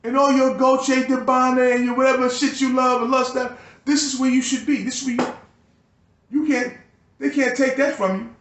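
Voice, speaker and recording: A man's voice: very high voice, steady tone, normal speed, fairly bright tone, roomy sound. A man delivering a profane, agitated and bitter ranting monologue to his video channel. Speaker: YouTuber.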